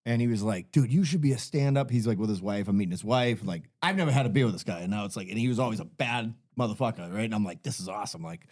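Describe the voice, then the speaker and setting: A man's voice: lowish voice, racing, few pauses, a little mellow. Profane, storytelling podcast man. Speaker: podcast co-host. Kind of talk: casual storytelling chat.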